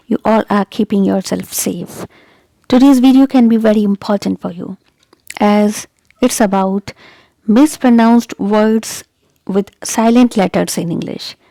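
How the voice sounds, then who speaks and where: A woman teaching English pronunciation who says each word slowly and deliberately, repeats it, and keeps checking in with "okay?". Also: a little high, dark tone, dry recording. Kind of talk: pronunciation lesson.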